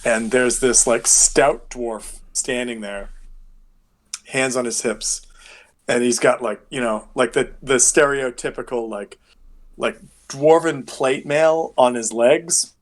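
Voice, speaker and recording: A man's voice: medium pitch, slow. A man narrating as game master in a tabletop game, rambling and packing his talk with fillers.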